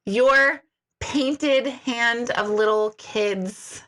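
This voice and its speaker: A woman who works as a medium tells a story casually to viewers. She talks in an animated way, laughs often and fills her talk with "like" and "right?". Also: on the high side, drawn-out words.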